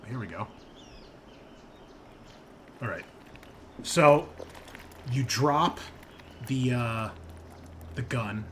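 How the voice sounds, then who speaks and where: A man's voice: medium pitch, a bit bright, a little hiss or hum. A man running a tabletop game as game master, describing the scene to players in a loose, rambling way. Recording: tense background music.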